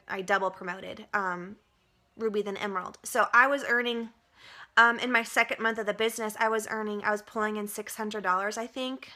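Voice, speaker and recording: Young woman, direct-sales vlog, tearful, earnest, fillers, bright tone. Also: mid-range voice. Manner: earnest, gushing, many fillers. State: tearful, emotional. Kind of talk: personal testimonial vlog. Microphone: webcam.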